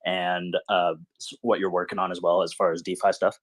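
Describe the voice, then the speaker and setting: A man hosting an online audio room, laid-back and profane, speaking quietly. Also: sits low, little pitch movement, fairly quick. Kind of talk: casual chat in an audio room.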